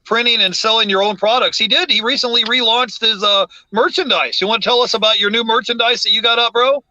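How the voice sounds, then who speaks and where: Bright-voiced man hosting a live stream. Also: very high-pitched, steady tone, quick pace, muffled recording, slight background noise. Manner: reads chat messages aloud, laid-back.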